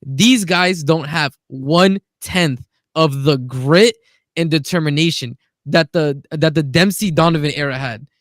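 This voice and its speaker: A man's voice: a little high, unhurried, no echo, studio quality. A man co-hosting a casual football chat on a video call, blunt and opinionated. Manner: blunt, opinionated, says "bro" a lot. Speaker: podcast co-host.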